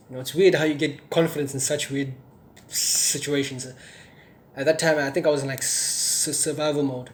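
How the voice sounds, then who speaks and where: A young man from South Africa giving a personal testimony in an earnest way, with many fillers and restarts and an occasional stutter. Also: a little high. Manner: stutters sometimes. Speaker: testimony speaker.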